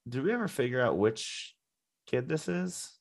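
A man's voice: medium pitch, very animated, moderate pace, gravelly. A man co-hosting a casual book podcast, musing aloud with hesitant restarts. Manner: musing, hesitant, full of fillers. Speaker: podcast co-host. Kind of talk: casual book-discussion chat.

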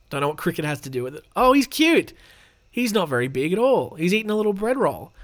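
A man's voice: a little high, very animated, brisk, fairly bright tone. An Australian man hosting a podcast, reading news stories aloud with sarcastic, rambling asides and casual swearing. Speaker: podcast host.

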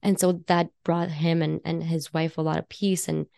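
A woman with a lowish voice chats warmly as a podcast guest, laughing often and circling back through fillers and restarts. The sound is dry and close to the mic, with no room echo. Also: little pitch movement, moderate pace, creaky. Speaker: guest, intuitive life coach and psychic. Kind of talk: casual podcast conversation.

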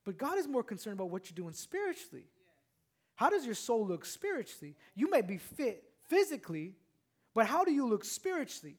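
Very high-voiced male preacher. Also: fairly quick. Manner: animated, repetitive preaching with calls to the congregation. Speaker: pastor. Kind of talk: sermon.

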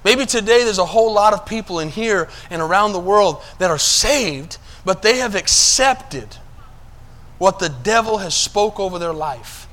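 High, bright-voiced preaching man. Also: expressive, measured pace. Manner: preaching, asks the congregation if they follow; swings between quiet low asides and loud emphatic passages. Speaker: pastor. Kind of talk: sermon.

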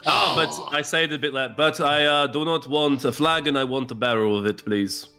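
A man's voice: fairly high pitch, steady tone, moderate pace, bright, forceful tone, soft background music. A man playing a character in a tabletop game, playful and laughing along with the group. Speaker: player.

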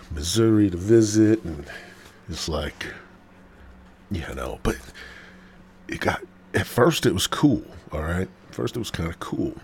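A man's voice: sits low, a little mellow, slightly rough. A man hosting a podcast, telling a rambling, profane story full of fillers and dropping into whispers. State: smoking while talking, coughing. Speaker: podcast host. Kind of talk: casual storytelling monologue.

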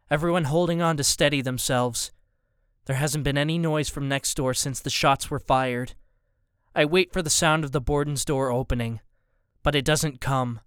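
A man narrating a first-person interactive thriller in a tense, measured reading. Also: medium pitch, a bit bright, clear, resonant tone, no echo, clean studio sound. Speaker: audiobook narrator.

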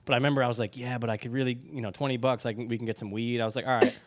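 A man's voice: mid-range voice, fairly even intonation, racing. A man co-hosting a podcast, telling rambling stories in casual chat and acting out the dialogue. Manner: rambling storyteller, acts out dialogue. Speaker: podcast co-host.

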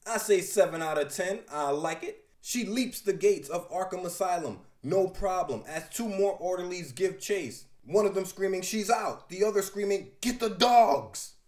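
A man's voice: high voice, darkish tone, roomy sound. A man reviewing a comic book, describing each panel aloud in detail and with enthusiasm.

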